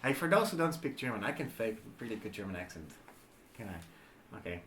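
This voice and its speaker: A man's voice: fairly low pitch, a little fast, a little hiss or hum. A man co-hosting a casual livestream, joking and bantering with his partner. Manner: joking, expressive, swings up and down a lot. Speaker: livestream co-host. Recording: echoey room.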